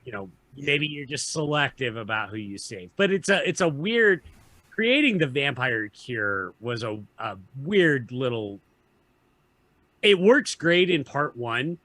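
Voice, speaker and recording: Bright-voiced man reasoning through a film. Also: mid-range voice, sing-song, a little slow, no echo. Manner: reasoned, builds arguments, swears casually. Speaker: podcast co-host. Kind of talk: casual film discussion.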